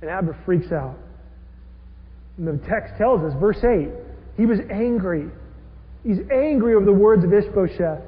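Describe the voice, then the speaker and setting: Male pastor, high voice, animated sermon delivery, muffled lo-fi recording. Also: normal speed, long pauses. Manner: animated, acts out quoted characters with rising intensity. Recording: dull lo-fi audio with long hall reverb.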